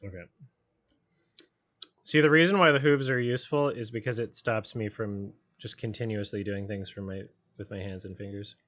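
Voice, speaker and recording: A man's voice: lowish voice, steady tone, moderate pace, fairly bright tone. A man casually commenting while watching a film, mumbling asides and puzzled questions between snacks. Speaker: film reviewer hosting a watch-along.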